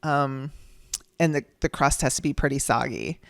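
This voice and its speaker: A middle-aged woman tells a personal story on her podcast, chatty and close to tears, laughing now and then. Her voice is smooth and clear, recorded dry with no room sound. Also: extremely low pitch, normal speed, no echo. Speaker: podcast host.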